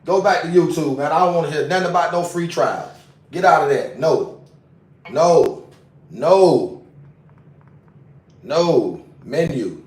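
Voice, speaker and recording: A man's voice: on the high side, animated, slow, pauses often, a little mellow, far from the mic. A man on a casual livestream, talking in an agitated, profane way and repeating himself, recorded away from the mic. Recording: roomy sound, away from mic.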